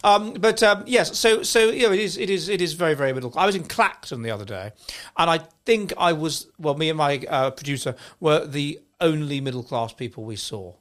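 English host guy, kinda high voice, lots of uhs and restarts, wry. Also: lively intonation, brisk, a bit bright. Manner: hesitant, many fillers and restarts, wry. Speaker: podcast host. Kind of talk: casual chat.

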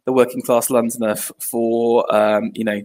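Co-host man, flat delivery, searching for words as he comments. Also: mid-range voice. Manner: rambling, halting, with many you-knows. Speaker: co-host reacting to a clip. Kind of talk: casual commentary.

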